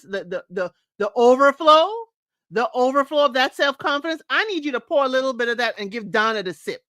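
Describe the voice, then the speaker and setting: A woman hosting a live reality-show recap, sassy and animated, laughing often and mimicking the cast. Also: fairly high pitch, normal speed, no room sound. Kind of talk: live recap chat to viewers.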